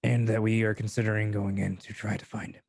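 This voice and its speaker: A man playing a tabletop role-playing game, talking through plans slowly and deliberately. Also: fairly low pitch, little pitch movement, creaky, a little mellow. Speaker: player.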